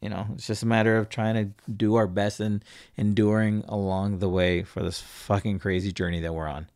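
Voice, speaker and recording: Gravelly-voiced man giving a profane pep talk. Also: lowish voice, little pitch movement, normal speed, darkish tone, no room sound, studio quality. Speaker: podcast host. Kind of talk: motivational monologue.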